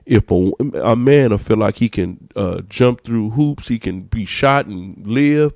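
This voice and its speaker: Man, pastor host, low voice, gravelly, emphatic, repeats phrases, dry close sound. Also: unhurried, a little mellow, no room sound. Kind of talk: preachy casual podcast talk.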